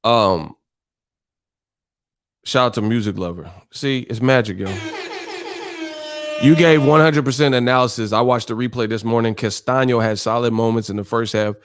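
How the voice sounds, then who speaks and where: A man's voice: mid-range voice, moderate pace, long pauses, clean tone. A man hosting a boxing live stream, ranting bluntly and combatively with heavy cursing. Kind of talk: casual live-stream rant.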